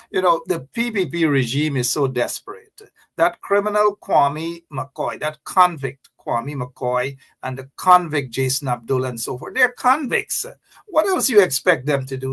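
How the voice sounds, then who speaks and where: A man's voice: on the high side, a bit bright. Guyanese man hosting radio talk. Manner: emphatic, repeats phrases, addresses listeners directly. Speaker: radio talk show host. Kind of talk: live radio talk show monologue.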